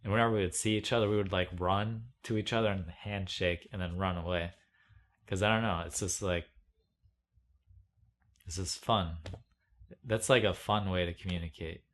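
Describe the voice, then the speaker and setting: A man's voice: low-pitched, steady tone, normal speed, pauses often, fairly bright tone. A young man rambling in a casual monologue, meandering and self-mocking, full of "like"s. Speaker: video blogger.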